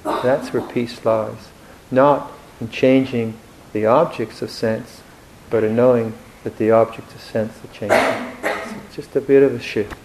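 A man giving a Buddhist dharma talk in a reflective, gently humorous way, with hesitant restarts. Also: mid-range voice, fairly even intonation, a little slow, vocal fry, few pauses, a little hiss or hum, low-quality recording. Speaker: Buddhist monk teacher.

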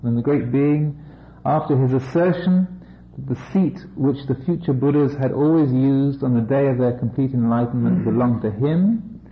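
A Buddhist teacher reading an old scripture story aloud and breaking off for amused, joking comments. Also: male voice, medium pitch, moderate pace. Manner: wry and amused, breaking off for jokes. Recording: echoey, slightly dull room recording.

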